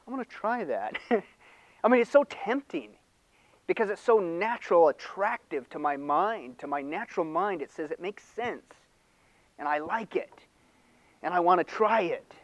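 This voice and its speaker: An older man preaching a sermon in an animated, conversational way, laughing and acting out mock voices. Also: sits high, a little slow, no echo, poor audio. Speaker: pastor.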